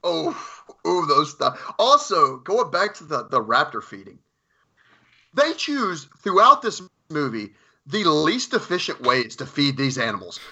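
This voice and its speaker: A man co-hosting a casual podcast, sarcastic and quick with profane jokes. His voice is very bright and swings widely in pitch. It comes through a slightly dull, lo-fi mic. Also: big pitch swings, breathy edge. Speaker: podcast co-host.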